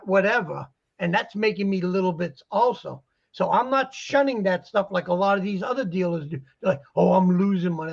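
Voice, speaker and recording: A man with a high-sitting voice and vocal fry chats casually as a guest about his work dealing posters. He rambles and performs the dialogues he recounts, heard in muffled lo-fi sound.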